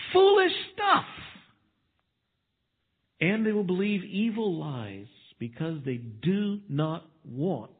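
Husky high-voiced preacher, tinny sound. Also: male voice. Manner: emphatic preaching with rhetorical questions. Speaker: pastor. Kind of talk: sermon.

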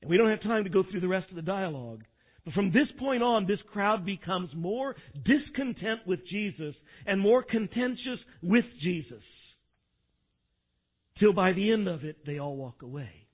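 A male pastor preaching a sermon, swinging from quiet asides to loud, dramatic quotations. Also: sits high, expressive, moderate pace. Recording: tinny phone-like sound.

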